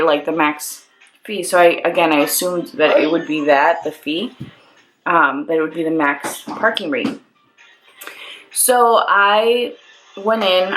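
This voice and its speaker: A young woman beauty vlogger, chatting through her makeup routine and telling a story with animated, exasperated quoted lines. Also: fairly low pitch, poor audio. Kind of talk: chatty get-ready-with-me storytelling.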